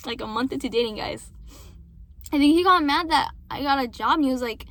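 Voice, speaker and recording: A young woman with a high voice talks straight to her viewers about an ex. She rambles, swears a lot and keeps saying sorry, slipping between quiet asides and louder outbursts. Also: expressive, fairly quick. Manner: rambling, frequent swearing and apologies. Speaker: vlogger. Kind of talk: casual venting to viewers.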